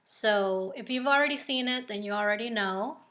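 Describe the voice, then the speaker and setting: A woman giving an oracle card reading in a relaxed, chatty way, with many ums and likes. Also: on the high side. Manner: slow and unhurried. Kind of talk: casual spoken card reading.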